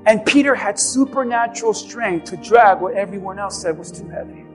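A man preaching a sermon as pastor, building from quiet, low passages to impassioned shouting and leading an altar call. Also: normal speed, faint music behind. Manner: impassioned, rising to shouts then dropping low.

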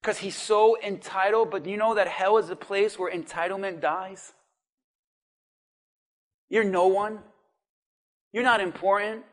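A male pastor preaching a sermon, acting out the cries of people with sudden shouts. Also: sits high, fairly even intonation, measured pace, pauses often. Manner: dramatic, acts out voices of people in hell.

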